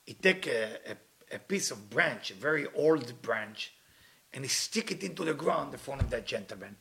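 A man's voice: medium pitch, lively intonation, normal speed, gravelly, a bit bright. A man giving a storytelling sermon as a spiritual teacher, earnest and at times impassioned, speaking English with non-native grammar. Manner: earnest, rising to impassioned pleas.

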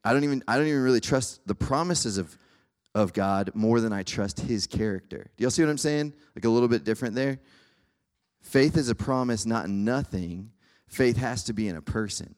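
A man's voice: mid-range voice, brisk, a little mellow. A young man preaching a casual sermon to students, keeps checking in with his listeners. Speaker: campus ministry speaker.

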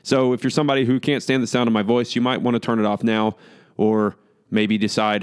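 A man with a slight lisp hosts a solo podcast, speaking casually in a rambling, self-deprecating way. His voice is smooth and clear, recorded dry and close with no room sound. He talks. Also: medium pitch, flat delivery, fairly quick, no echo. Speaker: podcast host.

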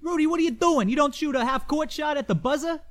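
Woman co-host, comedy podcast; brash, mocking, high voice. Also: fast talker. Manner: brash and mocking, exaggerated outrage. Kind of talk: mock trash-talk comedy podcast.

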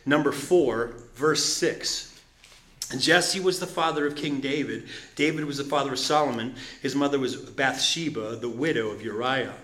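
A man's voice: medium pitch, moderate pace, fairly bright tone. A man preaching a sermon, joking with his listeners and reading scripture aloud with rising intensity. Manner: playful, laughing asides, reads scripture with rising intensity. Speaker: pastor. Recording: roomy echo.

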